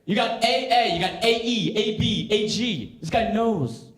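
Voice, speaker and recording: A young man in his twenties doing a rambling stand-up set on a club stage, halting with fillers and restarts, the crowd laughing behind him. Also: sits high, a bit bright. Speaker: stand-up comedian. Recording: roomy club with crowd noise.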